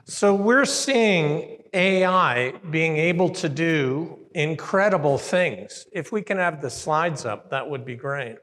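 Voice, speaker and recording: A man from Canada delivers a conference keynote at a slow, deliberate pace. His voice sits slightly high, and he draws the audience in with questions. The sound carries the long reverb of a big hotel hall. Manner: lively, asks the audience questions. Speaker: keynote speaker.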